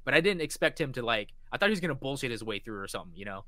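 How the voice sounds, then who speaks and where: A man co-hosting a podcast, retelling a story in casual chat with excited energy and lots of swearing. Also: medium pitch, very fast, dry recording. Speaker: podcast co-host.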